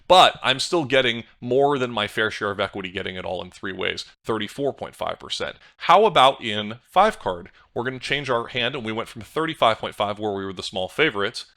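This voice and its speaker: A man's voice: on the low side, bright, forceful tone. A man reviewing poker hands as a coach, talking through analysis on screen and thinking aloud with small restarts. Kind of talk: screen-share hand review.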